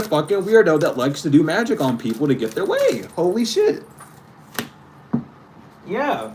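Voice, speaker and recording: A man's voice: on the high side, wildly swooping pitch, measured pace, long pauses, a little mellow, slight background noise. A man giving a spiritual reading to his viewers, ranting emphatically and swearing freely. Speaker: tarot reader.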